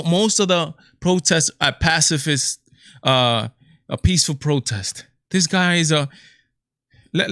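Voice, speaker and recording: A man's voice: on the high side, a bit bright, no echo, studio quality. A man hosting a reaction commentary video, talking in incredulous bursts with repeated exclamations. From Latin America.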